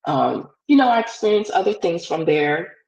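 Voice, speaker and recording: A woman's voice: on the low side, very animated, normal speed, darkish tone, lo-fi sound. A woman as a podcast guest, telling a personal story in an earnest, casual way, full of "like" fillers. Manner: earnest, heavy use of "like" fillers.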